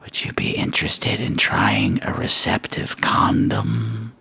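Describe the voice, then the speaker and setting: In a whispered role-play, a frizzy-haired stranger murmurs right into the listener's ear, acted out by a man. The voice is low and breathy, slow and close. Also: sing-song, sharp tone, no room sound, heavily acted. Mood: insinuating.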